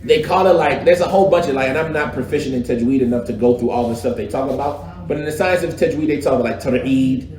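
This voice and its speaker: A man teaching a casual religious class, talking in a lively, slangy way and mimicking recitation styles. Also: medium pitch, fast talker, hardly any pauses. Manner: animated, conversational, slangy, imitates recitation styles. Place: echoey mosque classroom. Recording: echoey room with faint background ambience.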